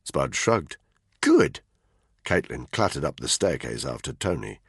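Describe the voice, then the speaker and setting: Male audiobook narrator, thriller, measured reading, husky, lively pitch. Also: dry recording, clean studio sound. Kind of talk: scripted narration.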